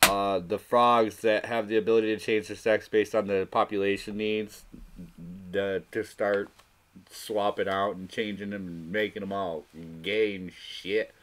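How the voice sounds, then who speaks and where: A man hosts a solo podcast, delivering a rambling comedy monologue that's scattered and self-mocking. His voice is lowish and fairly bright, with little pitch movement, and he doesn't hurry.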